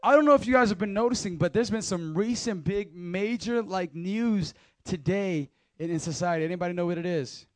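High-voiced man preaching to youth. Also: a little fast, no room sound. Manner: casual, slangy, talks straight to the crowd. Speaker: youth pastor. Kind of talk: energetic youth sermon.

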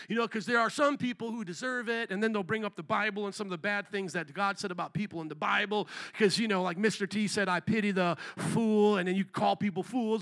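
A man preaching a sermon as pastor, telling stories with animated, acted-out quotes to his congregation in a church. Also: high-pitched, fairly quick. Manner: animated storytelling, acts out quoted voices. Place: church sanctuary.

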